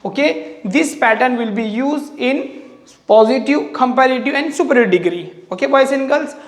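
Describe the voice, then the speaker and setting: A teacher giving a grammar lesson, slowly repeating and drilling each word aloud. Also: sits high, roomy sound, in a large hall. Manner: slow, repetitive explaining, drilling words aloud.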